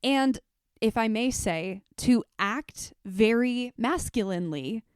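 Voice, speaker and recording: A woman's voice: fairly high pitch, animated, slow, clean tone, no room sound, studio quality. A young adult woman, a teacher, hosting her own podcast in a candid, reflective way, with frequent fillers. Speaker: podcast host. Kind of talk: casual solo podcast talk.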